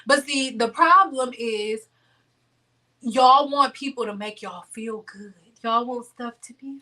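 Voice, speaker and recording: Her voice fairly high, sharp and fairly even in intonation, this beauty livestream host talks unhurriedly from a distant mic. She lectures viewers in a blunt, preachy manner and keeps repeating herself.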